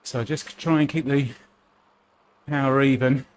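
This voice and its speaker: A man's voice: medium pitch, fairly even intonation, measured pace. A man from Essex with an Essex accent, chatting casually and joking at his own expense while racing. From Essex, England. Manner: chatty, joking, self-deprecating. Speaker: cycling vlogger.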